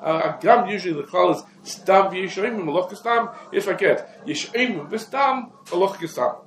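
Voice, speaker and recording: High, gravelly male rabbi lecturing. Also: lively intonation, a little hiss or hum. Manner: rapid, explanatory, peppered with Hebrew legal terms. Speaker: rabbi teaching a class. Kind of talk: Talmudic law lecture. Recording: echoey room.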